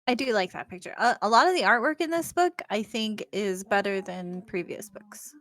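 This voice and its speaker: A woman's voice: mid-range voice, fairly bright tone, dry recording. Blunt, sarcastic female co-host. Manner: blunt, sarcastic, quick to give verdicts. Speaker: co-host giving commentary. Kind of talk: casual chat about a tabletop game book.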